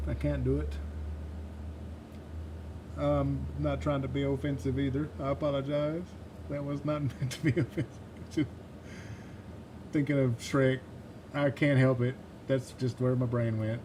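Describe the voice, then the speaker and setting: A man with a soft Southern US accent talks in a loose, rambling way as he works on a livestream. He chuckles at himself often. His voice sits at an ordinary middle pitch, with a faint hum of room noise behind him. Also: level tone, a little slow, pauses often. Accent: Southern US, mild Mississippi. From Mississippi, USA. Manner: rambling, chuckling, self-deprecating. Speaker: livestreamer building a synth module. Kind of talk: casual livestream chat while soldering.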